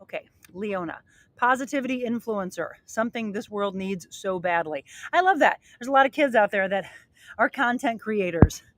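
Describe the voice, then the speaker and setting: Her mid-range voice is expressive and moves at normal speed as this woman fitness coach leads a live poolside workout demo outdoors. Slightly out of breath, she eagerly cheers viewers on and reads their comments, with loud background noise and clicks in the recording.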